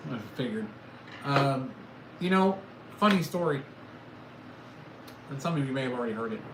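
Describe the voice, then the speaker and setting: A middle-aged man hosting a casual livestream from home, telling stories in a rambling, self-mocking way. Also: medium pitch. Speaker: livestream host. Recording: echoey room with loud background noise.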